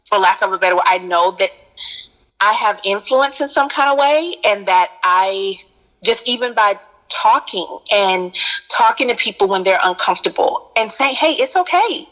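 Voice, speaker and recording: A woman with a Texan accent talks in an earnest, emphatic way, repeating key phrases to drive a point home. Her voice sits at an ordinary middle pitch, and the tone is relaxed and conversational. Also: moderate pace, poor audio. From Texas. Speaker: educator, guest. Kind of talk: casual conversation.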